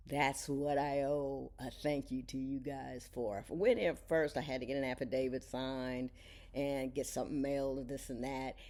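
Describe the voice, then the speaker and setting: A middle-aged woman who went from television judge to podcaster tells a casual story at home. She's an animated storyteller, acting out the people she quotes with big jumps in pitch.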